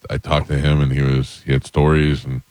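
Low voiced radio host guy, easygoing chat, dry close mic. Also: little pitch movement, a little fast, darkish tone, no echo. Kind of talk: casual morning radio banter.

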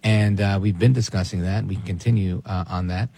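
A man hosting a talk radio show, giving opinionated commentary in a sarcastic, animated way. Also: low-pitched, brisk, creaky, breathy edge. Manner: animated and sarcastic, mimics people in quoted asides.

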